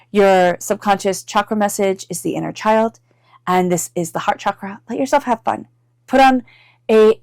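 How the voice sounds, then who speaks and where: A woman giving an intuitive tarot reading in a chatty, animated way, full of "like" fillers, sometimes acting out inner voices. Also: medium pitch, dry recording, clean studio sound. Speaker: tarot reader.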